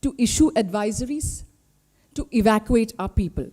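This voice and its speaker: A woman's voice: on the high side, animated, moderate pace, mellow. A middle-aged woman with an Indian accent, speaking at a press conference as a party spokesperson, indignant and full of rhetorical questions.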